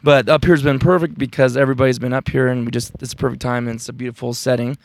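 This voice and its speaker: A man hosting a casual podcast while camping in the mountains, talking in a rambling, relaxed way with lots of fillers. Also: mid-range voice, fast. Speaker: podcast host.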